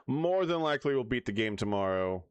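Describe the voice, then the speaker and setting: A man's voice: mid-range voice, lively intonation, brisk, smooth, no echo. A man livestreaming, chatting casually and rambling as he plans his next streams, with hiccups. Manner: rambling, restarts often, hiccups.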